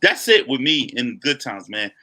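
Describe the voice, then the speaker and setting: A man's voice: medium pitch, sing-song, moderate pace, pushed and bright. A man co-hosting a podcast, telling stories in a casual chat with lots of animation and "you know what I'm saying". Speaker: podcast co-host.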